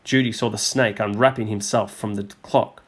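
A man teacher reading a storybook aloud to a class, measured and expressive. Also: fairly low pitch, breathy edge.

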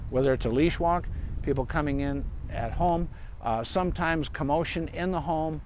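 Brief: male vet, fairly high voice, rambling casual live Q&A in a park, lots of fillers. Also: moderate pace, darkish tone, a little hiss or hum. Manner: chatty and rambling, with asides and fillers. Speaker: veterinarian giving dog training advice. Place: outdoors in a park.

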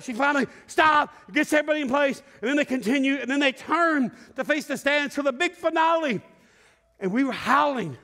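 A middle-aged man preaching a sermon, telling a story with lively shouts and laughter. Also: extremely high pitch, fairly quick. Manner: animated storyteller, acts out scenes with shouts and laughter. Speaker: pastor. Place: large church sanctuary. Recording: long hall reverb.

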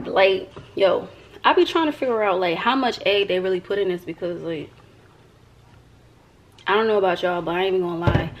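A woman's voice: medium pitch, slight background noise. Playful chatty young woman vlogger. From American South. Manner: playful, chatty, talks to the viewers as friends. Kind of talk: casual chat to camera.

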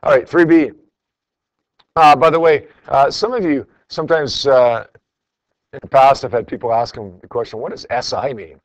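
A man's voice: medium pitch, moderate pace, pauses often, dry recording, dull audio. A man teaching a classroom lesson, going over homework in a conversational way and calling on students by name.

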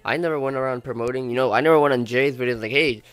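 A young man's gameplay commentary, stuffy from being sick, loose and chatty, breaking into loud cursing when a race goes wrong. Faint music plays underneath his voice. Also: medium pitch, racing, clear, resonant tone, no room sound. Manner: swearing, animated outbursts at the game. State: sick, congested. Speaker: gaming YouTuber. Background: faint background music.

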